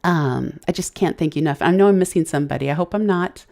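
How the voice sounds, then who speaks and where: A woman hosting a casual live stream, halting and searching for words, thanking viewers as she reads the chat. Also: sits low, gravelly, mellow. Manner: halting, many fillers and restarts, searching for words; grateful, effusive thanks to viewers. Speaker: livestream host.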